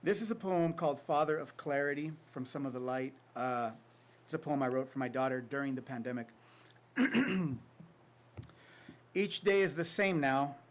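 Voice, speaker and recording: A middle-aged man giving a poetry reading of his own work. He reads in a measured, reflective way and adds soft, halting asides between poems. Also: medium pitch. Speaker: poet giving a faculty reading. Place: indoor reading event.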